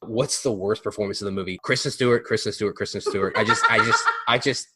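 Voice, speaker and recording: A man's voice: lowish voice, fast, pushed and bright, slightly rough. A man hosting a podcast in casual chat, hesitant and laughing often as he talks. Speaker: podcast host.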